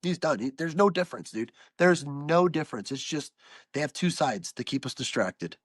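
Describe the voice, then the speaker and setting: A man's voice: on the high side, animated, normal speed, slightly rough, no echo. A man ranting as a podcast guest over a video call, profane, with a stuffed-up, nasal voice. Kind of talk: casual podcast chat.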